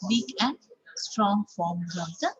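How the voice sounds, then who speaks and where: A woman with an Indian English accent takes it slowly in a mid-range voice with lively intonation while teaching English online. She repeats example sentences and says "okay" frequently. The video call audio is muffled, with crowd chatter behind her.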